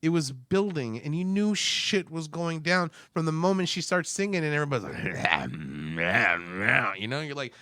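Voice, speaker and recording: A man's voice: on the high side, animated, a little slow, hardly any pauses, pushed and bright, no room sound, studio quality. A man co-hosting a film podcast, talking casually and acting out his own reactions with exclamations. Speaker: podcast co-host.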